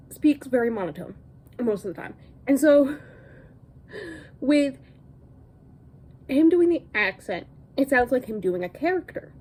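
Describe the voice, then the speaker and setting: A woman's voice: high-pitched, rough recording. A young woman chatting casually to camera about what she watched and read this week, rambling with lots of ums and laughs. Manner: animated, jumps between topics. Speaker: reading vlogger.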